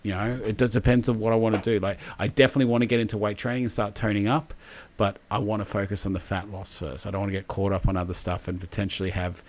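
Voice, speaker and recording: Rambling, jokey man, low voice. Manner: rambling and jokey, reads out viewer comments. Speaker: livestream host. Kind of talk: casual chat on a livestream.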